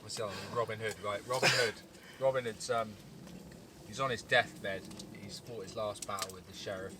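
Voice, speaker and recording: A man spins out a long, rambling joke at a woodland camp, stumbling over fillers and swearing freely. His voice sits on the low side. Clear rain noise and camp ambience run steadily behind him. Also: fairly even intonation, normal speed, far from the mic. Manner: rambling, hesitant storytelling with fillers and cursing. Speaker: camping vlog host. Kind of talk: casual joke-telling around camp.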